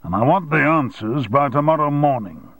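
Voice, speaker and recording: A man's voice: a little high, animated, moderate pace, no echo, narrow, tinny audio, pitched above the performer's own voice. A man voicing a blunt, domineering male newspaper tycoon, curt and demanding.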